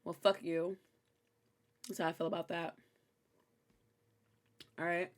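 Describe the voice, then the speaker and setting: A young woman hosting a recap show, chatting casually and candidly, animated and swearing freely. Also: on the low side, slow pace. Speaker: host recapping a TV episode. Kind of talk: casual chat.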